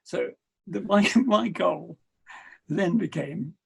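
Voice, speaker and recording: Gravelly, husky middle-aged storyteller man. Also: high-pitched, slow. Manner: animated anecdotes, acts out dialogue with voices. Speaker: podcast guest, adventurer. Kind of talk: storytelling interview.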